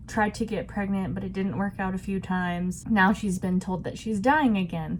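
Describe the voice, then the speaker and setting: A woman's voice: mid-range voice, a little hiss or hum. A woman vlogging about a book she is reading, in a chatty, reflective way. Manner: chatty and reflective, laughs often. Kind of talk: casual book discussion.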